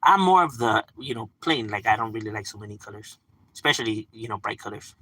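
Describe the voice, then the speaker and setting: A man talks loosely to his stream viewers, his pitch swinging up and down as he goes. His voice is bright and forward, and it sounds close and dry with no room echo. He swears casually and laughs easily. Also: animated, fast. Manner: loose and profane, laughs often, lots of fillers; chatting back to unseen viewers. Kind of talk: casual live-stream chat.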